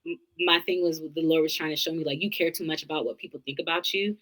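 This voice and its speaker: A young woman with a slightly low-pitched voice speaks as an interview guest. She talks in earnest, winding reflections, restarting her thoughts as she goes in casual, candid conversation. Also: fast talker, a bit bright, rough recording.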